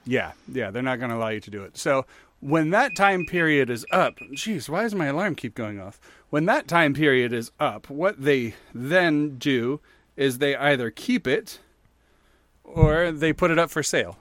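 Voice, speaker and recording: A man's voice: medium pitch, normal speed, no echo. Rambling man on a podcast, dry sound. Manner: rambling, animated storyteller with many fillers. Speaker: podcast co-host. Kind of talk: casual chat.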